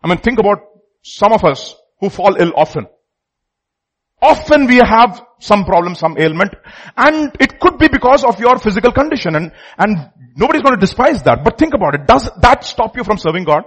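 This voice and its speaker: A man with a high, husky voice delivers a sermon. He drives his points home by repeating phrases and asking the congregation questions, then answering them himself. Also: big pitch swings, moderate pace, a bit bright, rough recording. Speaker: preacher.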